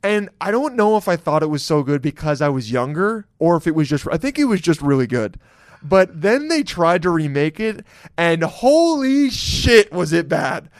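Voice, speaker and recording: A man's voice: on the high side, big pitch swings, normal speed, few pauses, dry recording, studio quality. A man hosting a podcast, talking casually in a loose, jokey and profane way, laughing often. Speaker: podcast host. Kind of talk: casual solo podcast intro.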